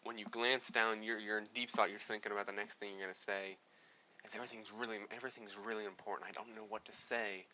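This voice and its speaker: Guy rambling through a tips video on how to talk, keeps correcting himself, bright edgy voice, muffled lo-fi audio. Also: lowish voice, fairly even intonation, quick pace, slight background noise. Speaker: speaking coach. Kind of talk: casual spoken tutorial.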